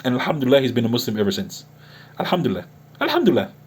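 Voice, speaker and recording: Husky, animated man preaching earnestly. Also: medium pitch, rapid-fire. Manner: earnest, repetitive and emotional, with frequent restarts. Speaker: online Islamic preacher and chat-room admin. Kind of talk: unscripted monologue addressed to a critic.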